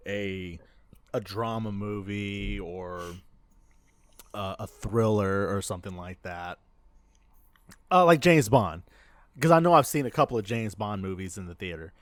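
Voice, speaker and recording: Male podcast co-host, animated rambling storyteller with a dry close sound. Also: fairly low pitch, unhurried, long pauses, no echo. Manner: rambling storyteller, laughs often, many restarts. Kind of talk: casual chat.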